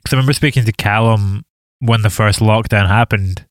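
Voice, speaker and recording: A man's voice: on the low side, steady tone, brisk, no room sound. A young man hosting a podcast in casual chat, teasing his guest with dry humor. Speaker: podcast host.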